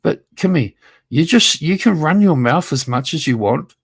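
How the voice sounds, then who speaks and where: A man's voice: a little high, expressive, normal speed, gravelly, breathy edge. Male streamer mid-rant: confrontational, needling, foul-mouthed, speaks to his rival directly. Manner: confrontational, taunting, profane; talks straight at a rival, repeats himself. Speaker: YouTube livestreamer. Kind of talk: livestream rant.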